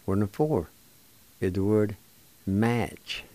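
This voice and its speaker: Slow, patient older man teaching pronunciation. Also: on the low side, animated, mellow, no room sound. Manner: patient, encouraging, spells out syllables slowly. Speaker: language teacher and show host. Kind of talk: slow spelling and pronunciation lesson.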